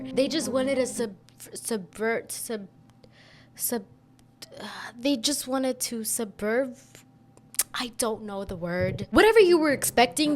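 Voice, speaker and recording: A woman giving casual video commentary, chatty and rambling, with self-deprecating asides. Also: on the high side. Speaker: YouTube commentator. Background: background music.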